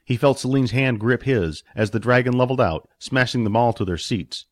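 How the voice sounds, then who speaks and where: A man's voice: mid-range voice, a little fast, no echo. A man narrating a fantasy story expressively, voicing its characters. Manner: expressive, puts on character voices. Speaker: audiobook narrator.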